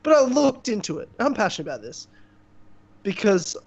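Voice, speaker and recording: Podcast co-host, man, high voice, rambling and mocking, dull lo-fi call audio. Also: big pitch swings, moderate pace, gravelly, husky, no room sound. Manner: rambling storyteller, mocking impressions of others. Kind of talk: casual chat.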